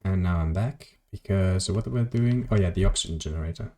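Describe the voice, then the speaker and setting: Deep mellow guy streaming a game, rambly and chatty, cusses when stuff breaks. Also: brisk. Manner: rambling, chatty, talks to chat and swears at the game. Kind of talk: casual gameplay commentary.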